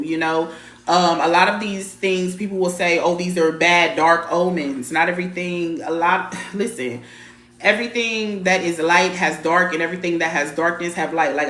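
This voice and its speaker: A woman's voice: lowish voice, fairly bright tone. Blunt, repetitive woman in a roomy space. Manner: blunt, emphatic, repeats phrases, mild swearing; chats to viewers by name. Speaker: spiritual reader hosting a live stream. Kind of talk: casual live-stream spiritual teaching.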